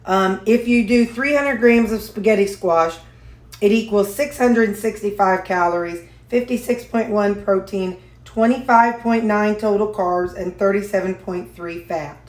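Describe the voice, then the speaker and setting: A woman's voice: medium pitch, a little slow. A woman chatting folksily to viewers while cooking in her home kitchen. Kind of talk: casual cooking vlog chat. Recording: echoey kitchen with dish clatter.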